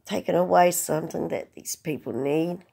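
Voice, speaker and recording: A woman's voice: deep voice, moderate pace, creaky, warm tone, breathy edge. A woman speaking earnestly to the camera, holding back tears as she pleads. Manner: earnest, pleading, plain-spoken. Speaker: vlogger. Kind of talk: emotional direct-to-camera message.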